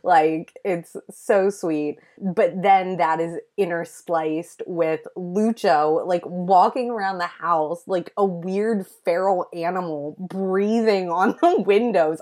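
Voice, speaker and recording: Woman co-host, casual recap chat, gushing and chatty, slightly low voice. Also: takes it slowly, a little mellow. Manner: gushing, enthusiastic, lots of "like". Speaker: podcast co-host recapping a show.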